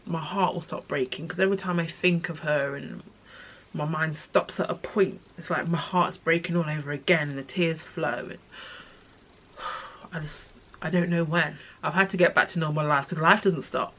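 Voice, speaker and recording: A young adult woman talking to camera about personal grief, soft and halting, often sinking to a near-whisper. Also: deep voice, fairly even intonation. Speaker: vlogger sharing personal experience.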